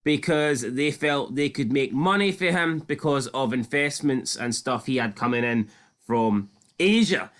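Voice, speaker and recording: This is a man co-hosting a casual podcast. He talks in a loose, joking way, swearing freely as he breaks down a TV episode. His voice sits at an ordinary middle pitch. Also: a little slow, fairly bright tone. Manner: chatty, jokey, swears freely. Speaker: podcast co-host. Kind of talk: casual TV recap chat.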